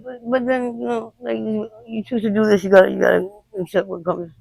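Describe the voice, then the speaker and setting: A woman interviewed outdoors on the street, recounting her experiences in a blunt, unfiltered way with halting restarts. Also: medium pitch, little pitch movement, creaky, a little mellow, no room sound, low-quality recording. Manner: rapid, halting retelling. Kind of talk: candid personal storytelling.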